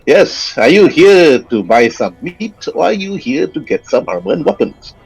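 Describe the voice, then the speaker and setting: A man voicing a burly, blunt male blacksmith who is also a butcher, talking with drawn-out pauses and sudden pitch jumps. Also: very animated, creaky, husky, heavily acted, poor audio. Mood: gruff.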